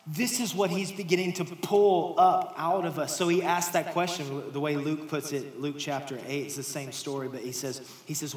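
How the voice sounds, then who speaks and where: In a roomy hall with faint ambience, a pastor with a slightly high voice delivers a sermon at a moderate pace. Talking straight to the congregation in a conversational way, he drops to near-whispers before lifting his voice for emphasis.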